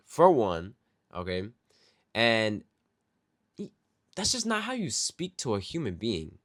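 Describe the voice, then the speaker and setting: Animated low-voiced young man ranting. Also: dry recording, clean studio sound. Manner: animated, acts out customers in quick put-on voices. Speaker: vlogger and restaurant server. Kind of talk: casual storytelling rant.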